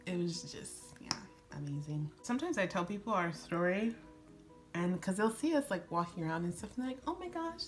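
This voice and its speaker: A woman in her twenties chatting excitedly while doing a makeup tutorial, gushing and giggling as she tells a story. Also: mid-range voice. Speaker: beauty vlogger.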